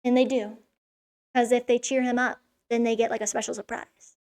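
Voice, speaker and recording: A woman's voice: fairly high pitch, flat delivery, moderate pace, a little mellow. A young woman vlogger giving a casual, sarcastic recap of a children's story, swearing freely as she goes. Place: room in a school.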